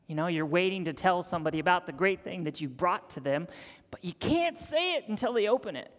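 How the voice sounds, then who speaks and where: Young male preacher, high-pitched, dramatic and intimate delivery, recorded in a big hall with long reverb. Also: moderate pace. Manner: dramatic storytelling, dropping to near-whispers and rising to excited high voices. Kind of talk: sermon.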